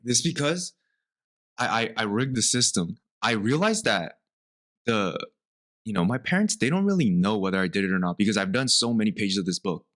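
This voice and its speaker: A man's voice: on the low side, moderate pace. A young man co-hosting a casual podcast chat, telling stories animatedly and acting out what his parents said. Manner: animated storytelling, acts out quoted parents. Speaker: podcast co-host.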